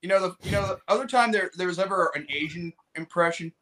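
A man co-hosting a casual podcast chat, with a bright, slightly high voice. He rambles, laughs often and trails off with fillers. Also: fast. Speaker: podcast co-host.

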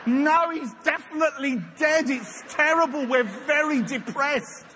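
Downcast travellers moan in a droopy, mournful way, as a preacher puts them on. The voices come across bright and pressed. A long hall reverb follows each phrase. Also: male voice, very high-pitched, sing-song, slow, a little hiss or hum, exaggerated voice. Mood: mopey. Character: mopey, downcast male travellers.

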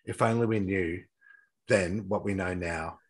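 A man's voice: sits low, unhurried, breathy edge, low-quality recording. A man retelling a true crime case from notes in casual talk, stumbling and restarting often. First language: not English-accented, says his English accent is poor.

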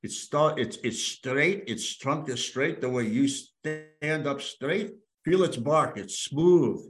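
A man voicing his ninety-year-old great-uncle, a gentle and wise old man who speaks slowly with a faint old-world accent. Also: on the high side. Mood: tender. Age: older. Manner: slow, folksy, imperfect old-world accent.

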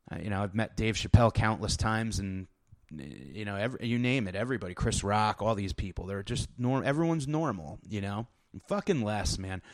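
Man, 30s, podcast host; low, smooth voice, dry close sound; loose, swearing, self-mocking storyteller. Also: dry recording. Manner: rambling, profane, self-deprecating, many fillers and restarts. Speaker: podcast host and stand-up comic. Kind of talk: casual storytelling monologue.

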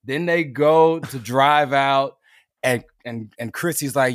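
A man's voice: mid-range voice, a little slow, no room sound. Man, podcast guest, laid-back, swears, casual chat, dry close mic.

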